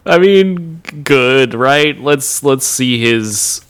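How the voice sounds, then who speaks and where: A man's voice: mid-range voice, animated, extremely slow, fairly bright tone, clean tone. A man co-hosting a podcast in casual chat, playful and teasing, laughing often and slipping into mock-announcer asides. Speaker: podcast co-host.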